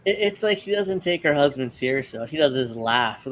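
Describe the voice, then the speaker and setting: A man's voice: fairly high pitch, lively intonation, fairly quick, few pauses, a little hiss or hum. Mocking chatty male commentary host. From Northeastern United States. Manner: mocking, chatty, many restarts. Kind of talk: casual political commentary.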